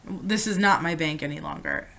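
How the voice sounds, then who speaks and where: Bright-voiced woman telling a story. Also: low-pitched, moderate pace, gravelly. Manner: chatty, swears freely, loses her train of thought. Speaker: vlogger. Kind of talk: casual storytime vlog.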